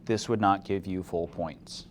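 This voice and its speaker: A man with a lower voice delivers a classroom chemistry lecture. He explains step by step and often stops to quiz his students. A faint background hiss sits under the recording. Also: steady tone, unhurried. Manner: asks the class questions, mildly opinionated. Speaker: chemistry instructor.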